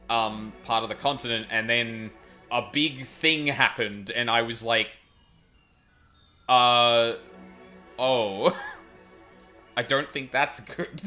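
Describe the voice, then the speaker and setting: A low, bright-toned man, wrapping up a stream in casual chat. He rambles, hedges with fillers and corrects himself as he goes. Faint music plays behind him.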